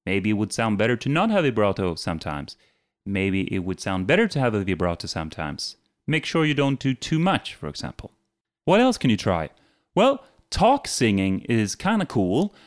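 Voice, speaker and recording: A man's voice: on the low side, sing-song, normal speed. A man teaching a casual singing lesson who breaks into short sung example phrases between his explanations, with faint music playing behind him. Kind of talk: casual video vocal lesson.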